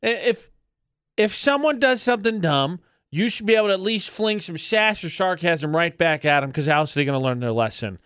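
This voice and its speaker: A man radio co-host with a higher-than-average, smooth, clear voice. He jokes and throws sarcasm around in casual banter, recorded close and dry in a studio. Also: expressive, a little fast, a bit bright, dry recording. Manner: joking, sarcastic, playfully declarative. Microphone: studio microphone.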